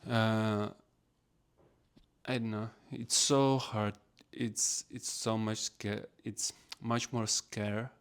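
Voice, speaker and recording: A man's voice: lowish voice, level tone, very slow, clean tone. A man hosting a casual solo podcast, rambling in non-native English phrasing. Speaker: podcast host.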